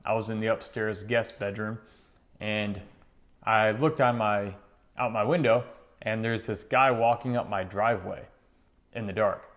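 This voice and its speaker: A middle-aged motivational speaker tells a personal story in an earnest, conversational monologue, acting out the voices of the people in it. His voice is lowish and a little slow.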